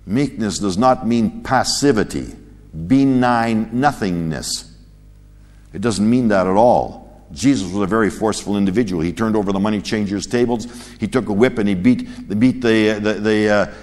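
A man preaching a sermon in an animated way, rising to loud emphatic peaks and dropping to quiet low asides. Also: normal speed. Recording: long hall reverb.

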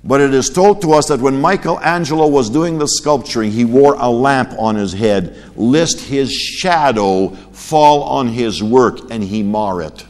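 A man preaching a sermon in an animated way, rising to loud emphatic peaks and dropping to quiet low asides. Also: measured pace, few pauses. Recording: long hall reverb.

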